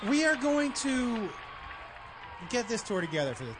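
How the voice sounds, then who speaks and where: A man's voice: very high voice, big pitch swings, moderate pace, crowd noise, background noise. A man co-hosting a call-in radio show, teasing and chatty. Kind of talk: casual comedic radio chat.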